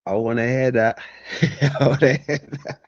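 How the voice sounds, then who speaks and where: A man co-hosting a livestream in a relaxed, teasing way, often chuckling. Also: mid-range voice, moderate pace, dry recording. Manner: laid-back, teasing, laughs often. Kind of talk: casual livestream chat. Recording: dull, dry remote audio.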